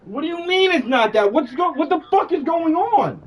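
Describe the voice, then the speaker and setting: A man's voice: very high-pitched, lively intonation, moderate pace, rough recording. A man streaming who argues angrily and bluntly over the phone, swearing heavily. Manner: angry, blunt, profane. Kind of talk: heated phone argument during a stream.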